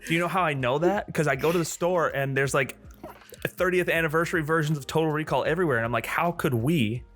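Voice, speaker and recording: A man's voice: fairly high pitch, fairly quick, pauses often, fairly bright tone, soft background music. A man co-hosting a podcast in casual chat, eager and keen, calling his friend "dude" often. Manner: enthusiastic, says "dude" a lot. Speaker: podcast co-host.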